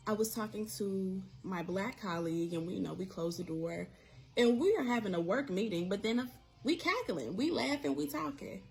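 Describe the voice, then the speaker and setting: A woman's voice: mid-range voice, a little mellow. Sassy, profane ranting woman. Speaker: commentator. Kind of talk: casual rant.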